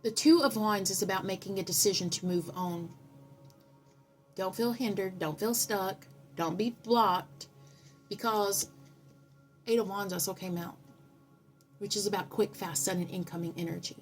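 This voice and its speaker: A woman's voice: medium pitch, faint music behind. Earnest woman giving a spiritual tarot reading. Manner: earnest, preachy, speaks in repeated affirmations; tells stories with drawn-out, dramatic pauses. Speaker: tarot reader.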